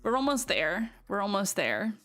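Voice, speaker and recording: A giggly woman with a Southern American accent chats casually with her live stream audience. She welcomes viewers brightly by name. Faint background music plays beneath her voice. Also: medium pitch, sing-song, normal speed. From Southern United States.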